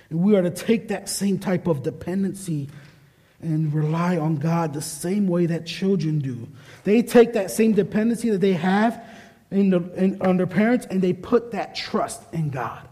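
A man's voice: high voice, measured pace, warm tone, long reverb tail. A male pastor and parent preaching a sermon, emphatic, often repeating his key phrases. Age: adult parent. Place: church sanctuary.

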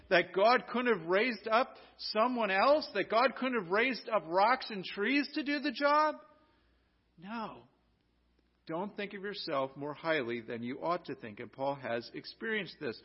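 An American man and pastor preaching a sermon earnestly, asking rhetorical questions and often restarting his sentences. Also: sits high. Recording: dull lo-fi recording.

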